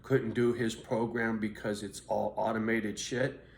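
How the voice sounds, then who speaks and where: A man's voice: on the low side, level tone, measured pace, creaky. A middle-aged man bluntly telling his own story in a profane, street-tough way. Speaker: vlogger. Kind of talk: candid personal monologue. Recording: roomy echo, faint background noise.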